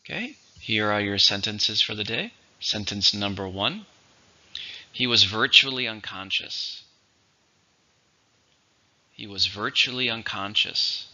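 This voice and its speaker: A man giving an English vocabulary lesson, slowly modelling each word's syllables and stress, then reading example sentences. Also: on the low side, sharp tone. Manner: slow, deliberate, model pronunciations and example sentences. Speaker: vocabulary teacher. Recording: dull lo-fi recording.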